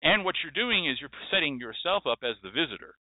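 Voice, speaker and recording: Brief: impassioned male host, rhetorical and forceful, fairly high voice, phone-like and dry. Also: very animated, a little fast, no room sound. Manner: emphatic, preachy, repeats phrases for effect. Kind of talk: impassioned monologue. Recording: dry tinny phone-like sound.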